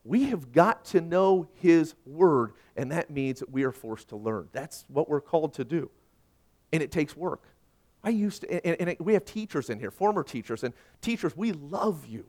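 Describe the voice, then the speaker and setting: Guy in his 30s preaching, high voice that jumps all over, chatty and jokey with the congregation. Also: big pitch swings, normal speed, darkish tone. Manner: conversational, self-deprecating storytelling with rhetorical questions. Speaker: pastor. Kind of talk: sermon.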